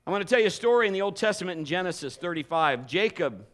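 A man's voice: high voice, quick pace. A male pastor preaching a sermon and telling stories with humor and energy. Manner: animated, humorous storytelling.

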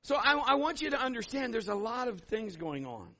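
Middle-aged male pastor, bright-toned, lively storytelling sermon delivery. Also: very high-pitched, fairly quick. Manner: storytelling, acts out voices with sudden loud bursts.

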